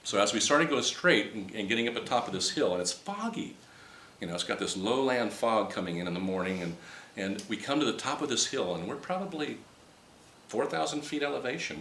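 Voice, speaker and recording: A man telling a personal story to a group in casual, animated style, rambling with restarts and acting out the dialogue he quotes. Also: lowish voice, brisk, a little hiss or hum. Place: meeting room with a live audience. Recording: roomy hall with faint ambience.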